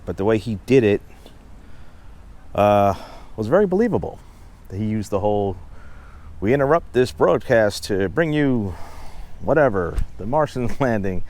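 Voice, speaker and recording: A man with a slightly low voice tells local history as he walks around an outdoor site. He talks in a loose, rambling way and keeps filling gaps with "uh" and "you know." He sounds like a tour host chatting to his viewers rather than reading a script. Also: darkish tone. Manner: rambling and chatty, with frequent fillers and asides. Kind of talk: casual on-location storytelling.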